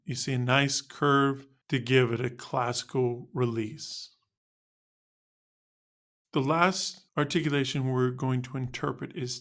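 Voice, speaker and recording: A male music teacher narrating a scripted lesson on articulations in a clear, instructional way. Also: mid-range voice, fairly bright tone.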